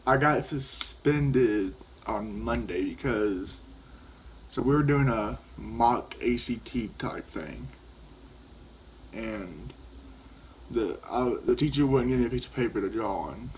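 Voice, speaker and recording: Casting: teen boy, medium pitch, loose profane storytelling, keeps restarting sentences. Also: expressive, unhurried, a little hiss or hum, rough recording. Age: teens. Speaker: vlogger. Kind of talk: casual storytelling while vaping.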